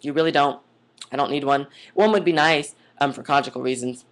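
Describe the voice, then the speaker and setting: A woman's voice: low voice, fairly quick. Rambling chatty woman vlogger. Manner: rambling, chatty, goes off on tangents; gushing, says "oh my God" and "like" a lot. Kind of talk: casual vlog monologue.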